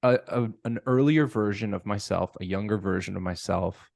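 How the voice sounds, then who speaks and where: A man with a deep, low voice co-hosting a casual podcast, recorded dry and close in a studio. He tells his stories with energy and jumps into acted-out dialogue. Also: normal speed, creaky, no echo. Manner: animated storyteller who acts out dialogue. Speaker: podcast co-host.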